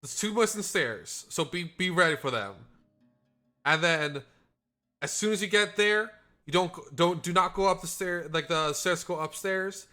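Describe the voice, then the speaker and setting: Bright-voiced man playing his character. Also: high voice, expressive, moderate pace, soft background music. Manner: urgent, hushed reassurance with many restarts. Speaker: player. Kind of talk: in-character tabletop role-play.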